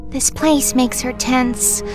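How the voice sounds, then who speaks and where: A small, gentle girl doll from a video game, speaking softly and calmly. Her voice sits high, and she takes her words unhurriedly. Clear game music plays behind her. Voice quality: soft, hushed. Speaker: game character.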